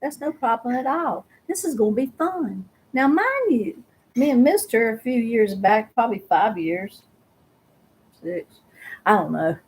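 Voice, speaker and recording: A middle-aged woman with a drawl hosts a relaxed live chat. Her voice sits a little high, and she tells stories with animation, jumping into the voices of the people in them. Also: measured pace. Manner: animated storyteller who acts out voices. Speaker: host. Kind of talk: casual live-stream storytelling.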